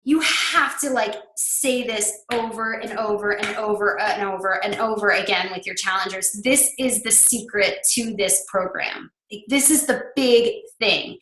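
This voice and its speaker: A woman's voice: fairly high pitch, a bit bright, echoey room, low-quality recording. A woman coach giving a presentation to other coaches, chatty and emphatic, peppering her talk with "like". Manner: chatty and emphatic, heavy use of "like".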